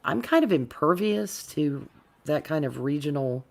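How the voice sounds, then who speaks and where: A woman from the US South with a softened North Florida accent, chatting casually in a deliberate, well-enunciated way. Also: low-pitched, expressive, creaky. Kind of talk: casual chat.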